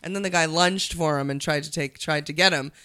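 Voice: mid-range voice, steady tone, a little fast, bright, forceful tone, clean tone, no room sound. A speaker in casual podcast chat who rambles, swears and acts out other people's words.

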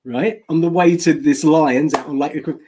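A man's voice: on the high side, fairly even intonation, normal speed, background noise. An English man co-hosting a casual chat, telling rambling anecdotes with frequent restarts and laughs.

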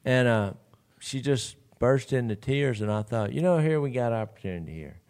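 A man's voice: medium pitch, expressive, moderate pace, darkish tone, smooth. Laid-back man telling a story. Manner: drawling, chuckles through his story. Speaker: podcast co-host. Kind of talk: casual storytelling chat.

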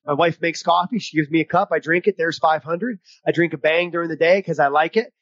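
Fast-talking energetic male podcast coach. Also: on the high side, no echo, highs cut off. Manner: energetic, rambling with restarts. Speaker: podcast co-host, mental performance coach. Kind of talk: casual podcast chat.

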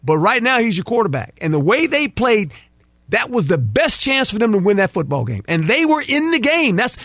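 Animated, high-voiced football analyst man. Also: moderate pace, no room sound, studio quality. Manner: emphatic, acts out players and coaches in quoted dialogue; folksy, with plain football talk. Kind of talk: sports talk show breakdown.

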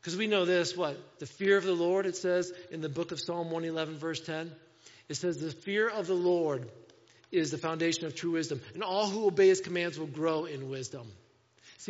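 A high-pitched male pastor preaches emphatically, firing rhetorical questions and swinging from a hush to sudden loud bursts. His voice rings with a long reverb through a church hall, and the recording sounds dull and lo-fi. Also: a little fast. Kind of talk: sermon.

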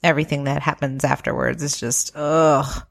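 A woman co-hosting a casual chat about a reality show, animated and slipping into quoted voices. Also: moderate pace, vocal fry. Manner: animated, acts out quotes in high squeaky voices. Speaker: podcast co-host.

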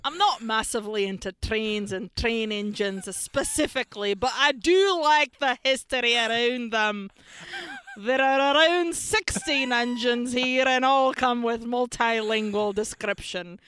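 A woman's voice: on the high side, a little slow, a bit bright, clear, resonant tone. A woman voicing a mild Scottish male tourist in a mock Scottish accent as she reads his review aloud. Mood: mock earnest. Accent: Scottish, put on.

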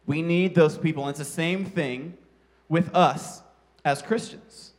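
High-voiced man telling a story from the pulpit. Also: unhurried. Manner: animated storyteller, sound effects, self-mocking. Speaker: pastor. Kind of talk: sermon with a personal story.

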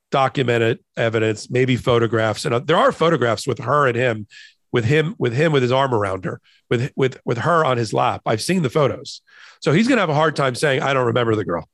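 A man's voice: medium pitch, a bit bright, no echo. Dry-voiced man explaining law. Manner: explanatory, conversational, with restarts. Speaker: podcast co-host, trial lawyer. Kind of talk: casual legal commentary.

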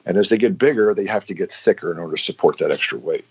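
A man's voice: sits low, quick pace, darkish tone, husky, muffled recording. A man explaining science in casual podcast chat, with frequent restarts and fillers.

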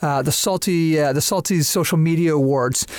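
A man from Canada hosts a podcast in a loose, eager ramble, stacking up praise as he goes. His voice sits a little high and sounds dry and close. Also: normal speed, dry recording. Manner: enthusiastic, rambling. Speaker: podcast host. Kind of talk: casual podcast chat.

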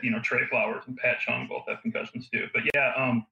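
A man talking as a guest analyst on a casual sports podcast, wry and quick to laugh. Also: mid-range voice, little pitch movement, creaky, bright, forceful tone, echoey room, highs cut off.

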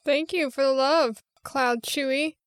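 A woman's voice: high voice, fairly even intonation, measured pace, no room sound, clean studio sound. A woman co-hosting a casual podcast, playful and giggly with the listeners. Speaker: podcast co-host.

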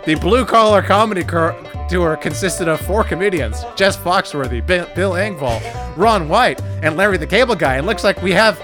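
A podcast co-host reading out a series of comic setups, stammering and laughing through them. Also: male voice, high-pitched, lively intonation, moderate pace, over music. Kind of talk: comedy podcast bit.

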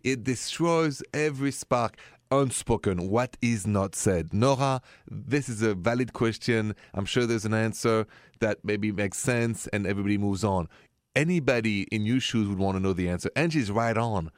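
A man in his forties from France with a French accent, co-hosting a dating-advice show and giving slow, earnest advice. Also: fairly low pitch, no echo, clean studio sound. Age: 40s. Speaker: co-host. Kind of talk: casual podcast chat.

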